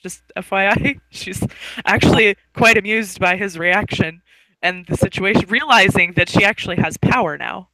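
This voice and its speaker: A young woman voicing her character at a game table, relaxed and chatty. The recording is dry and close, with no room sound around her. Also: mid-range voice, moderate pace, no room sound, poor audio. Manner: relaxed, chatty, laughs often. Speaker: player. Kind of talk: playing a tabletop role-play.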